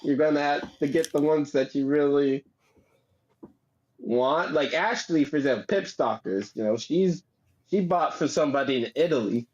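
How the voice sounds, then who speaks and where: A man talks at a lively clip in a bright, high voice, full of slang and laughter. He is a guest on a casual podcast. The sound is a little dull and lo-fi. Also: moderate pace. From Wisconsin. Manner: animated, laughing, slangy storyteller. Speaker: guest breeder. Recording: dull lo-fi audio.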